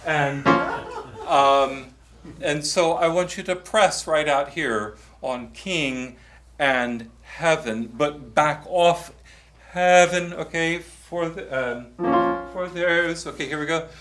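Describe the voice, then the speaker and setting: A man leading a workshop on psalm chanting in a church, chatty and halting, with many fillers and restarts as he coaches singers. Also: a little high, fairly bright tone, roomy sound, soft background music. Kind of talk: teaching a choral workshop.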